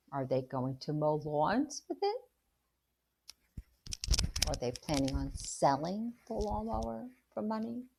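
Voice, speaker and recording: A woman reads a children's novel aloud in the manner of a teacher, animated and expressive in her storytelling. Her voice sits on the lower side and she takes her time. She breaks off now and then to put questions about the story to her listeners. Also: gravelly, slight background noise.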